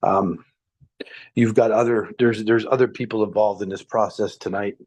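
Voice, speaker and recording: An older man with a lowish voice, a retired police officer from Nevada spinning a story off the cuff. He rambles, stalls on fillers and circles back before reaching his point. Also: fairly even intonation, normal speed, darkish tone. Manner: rambling, hesitant with many uh's. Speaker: guest, former police officer. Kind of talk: casual storytelling on a live stream.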